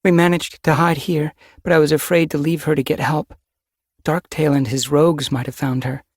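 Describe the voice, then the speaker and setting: A man putting on a high, emotional young she-cat. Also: flat delivery, normal speed, no room sound, clean studio sound. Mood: explaining. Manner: high, bright, emotional lift. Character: young female cat, warm and emotional, Hawkwing's sister.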